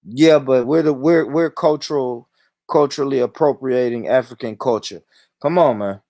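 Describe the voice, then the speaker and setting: A man's voice: mid-range voice, moderate pace, mellow, no echo, studio quality. A man hosting a livestream, ranting in a heated, profane, repetitive way. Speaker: livestream host.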